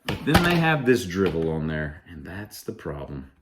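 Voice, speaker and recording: A man's voice: sits low, very animated, moderate pace, very noisy. A man in a casual, sarcastic rant about music, mocking and drawling through his asides. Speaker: vlogger ranting about music.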